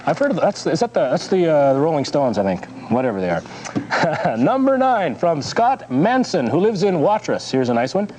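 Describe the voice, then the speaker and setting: A man's voice: a little high, very animated, normal speed, a little mellow, slight background noise. A man hosting a children's TV show, reading viewers' jokes in a chuckling, playful way.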